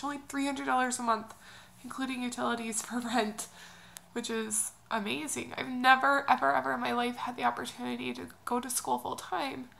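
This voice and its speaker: A young woman from Oklahoma, crying as she talks through an emotional personal update in a halting, confessional way. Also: sits high, vocal fry, fairly bright tone, poor audio. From Oklahoma, USA. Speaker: vlogger.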